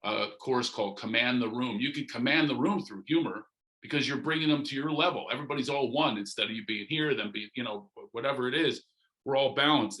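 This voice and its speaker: Bright-voiced joking comedian man. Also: medium pitch, low-quality recording. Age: middle-aged. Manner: jokey, animated, leaps into loud comic asides. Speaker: comedian guest. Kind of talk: casual podcast interview.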